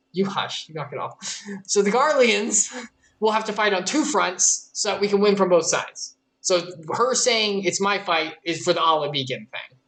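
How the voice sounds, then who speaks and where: A woman co-hosts a casual game stream. Her voice sits on the low side, and she laughs easily. She explains the game's story at length. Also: fairly bright tone. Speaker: co-host and player of a game stream. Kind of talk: casual gaming chat.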